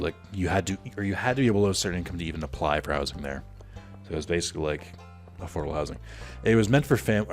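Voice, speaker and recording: A man with a very low, deep voice chatting loosely while he plays a game. He meanders through a personal story, full of ums and likes, with faint music underneath. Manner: rambling, filler-heavy, storytelling while playing. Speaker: let's play host. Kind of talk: casual gameplay commentary.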